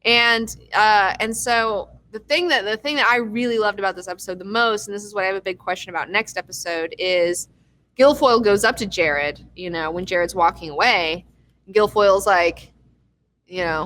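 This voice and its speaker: Bright-voiced woman ranting through a recap. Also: medium pitch, normal speed, a little hiss or hum. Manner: rambling, swears freely, excitable. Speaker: TV recap host. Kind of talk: casual TV episode recap.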